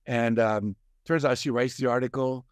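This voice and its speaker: A man's voice: mid-range voice, moderate pace, no room sound, studio quality. An older man, a guest success coach, telling stories in a conversation and acting out the voices of people he quotes. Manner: animated storyteller, acts out quoted voices. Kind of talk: storytelling in a conversation.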